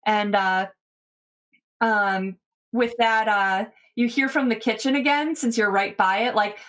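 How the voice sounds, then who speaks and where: A woman's voice: mid-range voice, steady tone, unhurried, fairly bright tone. A woman narrating as game master in a tabletop game, talking loosely with plenty of fillers.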